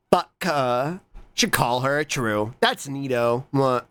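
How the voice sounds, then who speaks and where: Casual live streamer, unhurried and lively in pitch, swears easily, thanks viewers, jumps to squeals. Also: clean tone. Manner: playful, swears casually, reads chat aloud and thanks viewers; jumps to squeaky high exclamations. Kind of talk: casual live-stream chat reacting to clips.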